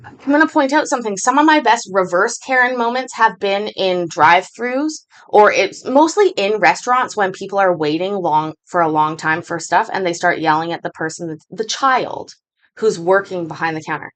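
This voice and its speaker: A woman's voice: medium pitch, normal speed. A woman hosting a casual chat, telling rambling stories with lots of swearing. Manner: rambling, profane storytelling. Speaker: stream host reacting to clips.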